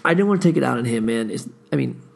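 A man's voice: medium pitch, animated, racing, vocal fry. A tired man hosting a podcast, telling a long story in a laid-back, profane, rambling way. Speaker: podcast host. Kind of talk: casual rambling monologue.

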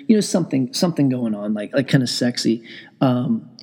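A man's voice: medium pitch, animated, brisk, mellow, husky. A man telling a rambling, profane, self-deprecating story in a casual vlog, speaking from home. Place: indoors at home with TV on.

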